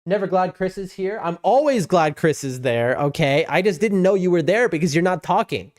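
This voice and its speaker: Male streamer, slightly high voice, very animated, rambling chat over faint game music. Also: normal speed. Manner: rambling, excitable, chatting with viewers. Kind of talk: casual live-stream chat.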